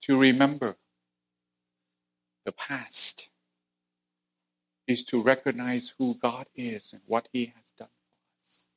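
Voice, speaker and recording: Middle-aged guy from vietnam preaching, mid-pitched voice, earnest testimony, voice shoots up when it gets tense. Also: steady tone, takes it slowly, long pauses, breathy edge. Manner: earnest storytelling, voice climbing high at intense moments. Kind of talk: sermon with personal testimony.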